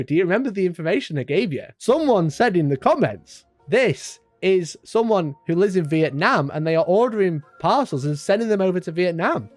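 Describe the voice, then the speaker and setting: A man giving animated, sweary online-drama commentary, reading posts aloud with mocking asides. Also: high-pitched, no echo. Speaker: YouTube commentator.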